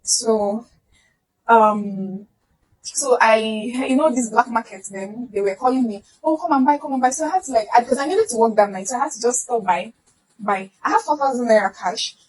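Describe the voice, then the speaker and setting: Her voice on the high side and slightly rough, a young Nigerian woman recounts a personal story to camera at a moderate pace. She brings it to life by voicing the different people in it, though the recording is low quality.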